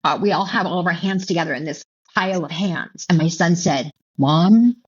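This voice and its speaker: A middle-aged woman telling her personal story as an interview guest, halting and emotional, with many restarts and repeated words. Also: on the low side, husky. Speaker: author and keynote speaker, guest. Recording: dull lo-fi audio.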